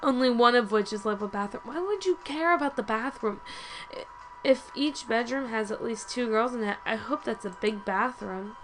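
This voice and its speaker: A woman's voice: on the high side, moderate pace, a little hiss or hum, low-quality recording. A woman reading a story game aloud with chatty asides, often stumbling and correcting herself. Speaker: let's play host.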